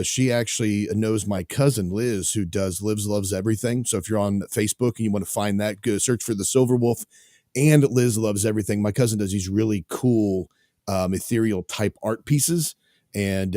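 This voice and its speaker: A man's voice: fairly low pitch, dark tone, no room sound, clean studio sound. A man hosting a talk radio show, chatting casually and rambling with lots of fillers.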